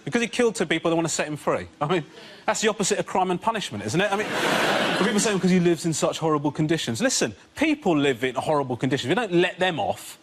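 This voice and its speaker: A man on a comedy panel show, ranting in an exasperated stand-up style that rises to near shouting. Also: fairly high pitch, sing-song, quick pace, slight background noise. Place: television studio with audience.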